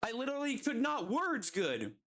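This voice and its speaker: A woman's voice: fairly high pitch, very animated, moderate pace, fairly bright tone. A woman streamer telling a story casually while gaming, exasperated and swearing constantly.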